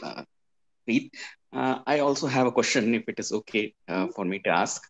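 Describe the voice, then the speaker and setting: A man's voice: mid-range voice, expressive, moderate pace. A man asking a question on a video call, formal and hesitant with frequent fillers. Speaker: audience member asking a question. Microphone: video call, distant from mic. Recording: distant, dull video-call audio.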